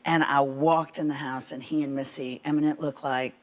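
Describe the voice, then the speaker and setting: A middle-aged woman, telling a lively story on a TV talk show, laughing as she goes. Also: sits low, moderate pace. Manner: animated Southern storyteller, laughing through her words. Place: TV studio.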